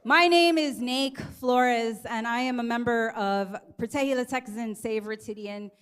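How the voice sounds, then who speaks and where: A woman's voice: on the high side, unhurried, clean tone. A woman from Guam speaking at a teach-in, an earnest and impassioned activist giving a rally speech. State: emotional, near tears. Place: teach-in event hall.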